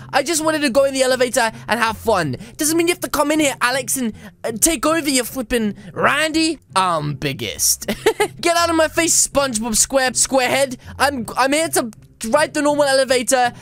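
A woman making a gameplay video, narrating with dramatic commentary, scolding other players and letting out yelps and shrieks. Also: sits high.

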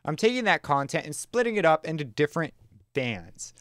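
A man teaching a casual music production tutorial, talking in a relaxed, chatty way with slang and plenty of fillers and self-corrections. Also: on the high side, brisk, dry recording, studio quality. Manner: enthusiastic, uses slang. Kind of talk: casual screen-recorded software tutorial.

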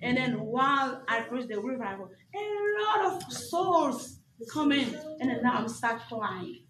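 A woman pastor giving an animated spoken testimony at a graduation service, acting out the dialogue as she tells it. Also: fairly high pitch, measured pace, echoey room, background noise.

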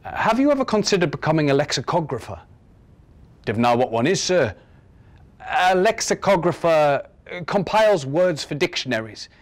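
A man reading a story, voicing a patient, formal male schoolteacher who speaks calmly and carefully. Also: fairly high pitch, lightly acted. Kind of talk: dramatic reading of a short story.

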